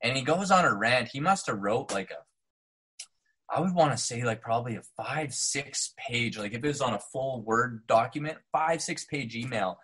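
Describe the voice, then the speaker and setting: A man's voice: medium pitch, normal speed, husky. A man from Saskatchewan, an actor with a trained neutral North American accent, chatting animatedly as a podcast guest and acting out the people he quotes. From Saskatchewan, Canada. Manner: animated storyteller, acts out quotes. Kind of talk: casual podcast interview.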